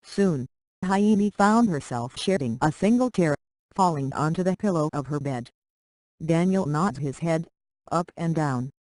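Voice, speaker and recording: A reader narrating a short romance story aloud in a plain, steady way. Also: medium pitch, unhurried, dry recording, low-quality recording.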